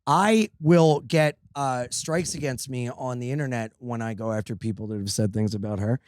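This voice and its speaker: A male comedian co-hosting a podcast, spinning stories in loose, swear-filled banter. His pitch sits in the middle. The sound is dry and close, with no room around it. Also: moderate pace, darkish tone, no echo. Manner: profane, storytelling, laughs often.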